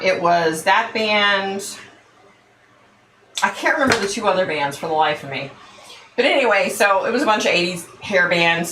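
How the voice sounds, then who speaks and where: A woman's voice: on the low side, slight background noise. Laughing woman telling a story. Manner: animated, laughing often, acts out quotes. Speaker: psychic show host. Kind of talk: casual storytelling. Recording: echoey room.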